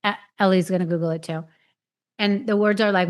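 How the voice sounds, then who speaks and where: A woman hosting a podcast tells her own story in a frank, unpolished way. She swears freely and slips into the voices of the people she is quoting. Her pitch sits in an ordinary middle range for a woman. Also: steady tone, fairly quick. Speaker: podcast host. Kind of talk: candid personal storytelling.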